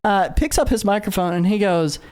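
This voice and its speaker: A man's voice: high voice, animated, fairly quick, darkish tone, smooth. A man narrating as game master of a tabletop game, telling the scene loosely with many fillers and restarts. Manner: loose, filler-heavy storytelling.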